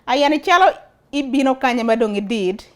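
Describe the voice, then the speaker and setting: A woman's voice: fairly high pitch, expressive, a little fast. A woman with an Acholi accent hosting a talk show, speaking earnestly and putting questions to her viewers. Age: adult, studied and worked before emigrating. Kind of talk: casual talk to camera.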